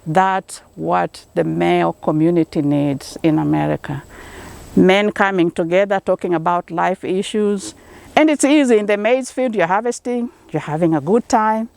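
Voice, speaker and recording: A middle-aged woman from Kenya speaks with a Kenyan accent in an interview. She answers at a medium pitch and in a mid-range voice, earnest and encouraging, easing into little stories as she goes. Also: creaky, a little mellow, no room sound. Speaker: organic corn farmer, interviewee.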